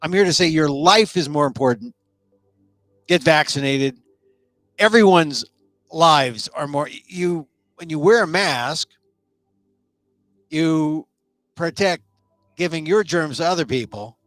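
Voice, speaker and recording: A man's voice: fairly high pitch, slow pace, long pauses, a bit bright, no room sound, soft background music. A man hosting a live-streamed talk show in a casual, rambling monologue, full of joking asides.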